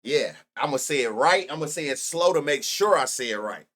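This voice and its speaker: A man's voice: fairly high pitch, animated, fairly quick, a bit bright. A young man streaming live about sports bets, rambling and profane, laughing often and talking straight to his chat.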